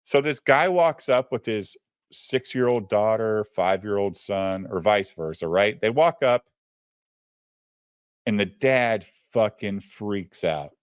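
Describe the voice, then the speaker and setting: A man tells a story in a loose, chatty way, swearing freely and turning to his listener as he talks. His voice sits fairly low. It is recorded close and dry, with no room sound. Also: slow pace, smooth, no room sound. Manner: profane, animated, addresses the listener directly. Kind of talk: casual storytelling.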